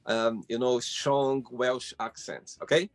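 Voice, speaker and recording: A male host keeps the conversation moving with short questions and quick words of encouragement. His voice sits at a mid pitch for a man, with soft music playing faintly behind him. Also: fairly even intonation. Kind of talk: interview questions.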